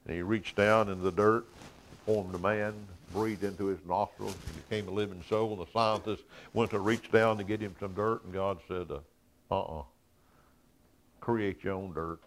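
A man preaching a sermon. He chuckles between points and swells from quiet asides to loud, raised emphasis. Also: fairly low pitch, fairly even intonation, moderate pace, slight background noise.

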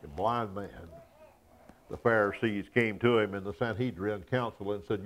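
A man preaching a sermon. He chuckles between points and swells from quiet asides to loud, raised emphasis. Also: fairly low pitch, moderate pace.

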